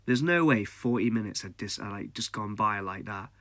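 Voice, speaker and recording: Chatty guy with a low voice. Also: expressive, normal speed, a bit bright, dry recording. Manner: casual, chatty, laughs often. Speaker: podcast host. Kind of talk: storytelling a personal ghost story.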